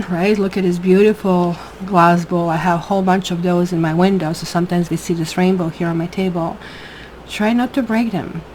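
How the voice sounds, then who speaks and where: A woman's voice: medium pitch, a little hiss or hum, poor audio. A woman reading tarot cards at a table at home in a casual monthly forecast, chatty and emphatic, often asking "right?". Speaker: tarot reader.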